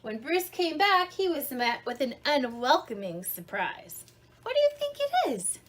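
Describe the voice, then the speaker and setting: A woman reading a picture book aloud to children, her high, bright voice swooping up and down as she turns the story into a conversation. She takes her time and keeps pausing to ask the little listener questions. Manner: animated, asks children questions; explains words simply. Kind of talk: interactive storybook read-along.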